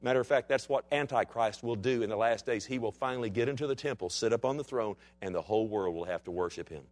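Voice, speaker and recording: A man preaching a sermon in a dramatic style. His voice sits at a middling pitch and keeps swinging from forceful, urgent passages to quiet, intense ones. He acts out the voices of the people he quotes. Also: fast talker. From Texas. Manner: dramatic preaching with wide swings from loud to hushed. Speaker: pastor.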